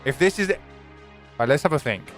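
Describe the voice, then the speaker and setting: A man's voice: fairly high pitch, animated, quick pace, a bit bright, soft background music. A man streaming a game live, commenting animatedly, swearing and greeting his chat.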